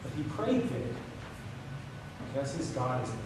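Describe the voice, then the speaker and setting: A man preaching a sermon, telling a story and voicing quoted lines with a higher pitch. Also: sing-song, a little slow. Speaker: pastor. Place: church sanctuary. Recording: echoey hall from far off with noise.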